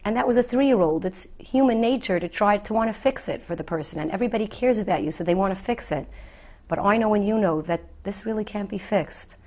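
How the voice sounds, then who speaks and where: A middle-aged woman, herself widowed, speaking gently and earnestly to grieving women with reassuring repetition. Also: medium pitch, a little fast. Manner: soft, earnest, reassuring, repeats key phrases. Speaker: widow giving advice to the bereaved. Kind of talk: gentle heartfelt talk to the viewer.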